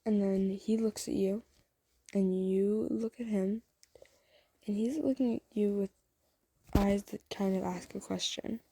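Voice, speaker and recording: A woman's voice: medium pitch, steady tone, unhurried, long pauses, dark tone, breathy edge, no echo, poor audio. A woman telling a romantic fan story to the listener in a chatty, rambling way full of fillers. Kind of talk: casual spoken fan story.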